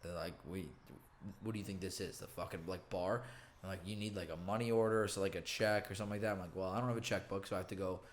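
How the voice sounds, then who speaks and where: A man's voice: sits low, fairly even intonation, quick pace, a little hiss or hum. A man hosting a casual podcast, telling a story full of swearing and quoted lines. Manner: swearing storyteller, quoting others. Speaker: podcast host.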